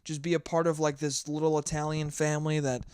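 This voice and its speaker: A man's voice: on the high side, little pitch movement, a little fast, darkish tone, smooth, no echo. A hungover young man hosting a solo podcast, rambling and swearing freely, scatterbrained. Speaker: podcast host. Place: New York.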